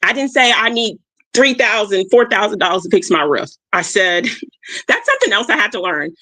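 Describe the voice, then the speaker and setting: Her voice is medium in pitch with big swings, at normal speed, captured dry on a streaming mic. As host of a motivational livestream, she reflects aloud, repeats what matters most, and keeps checking in with the "y'all" she addresses so warmly.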